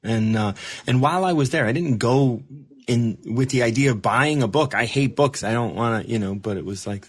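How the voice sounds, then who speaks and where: A man hosting a show, telling a rambling, self-mocking story in casual chat, animated, with laughs and restarts. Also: medium pitch, moderate pace. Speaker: show host.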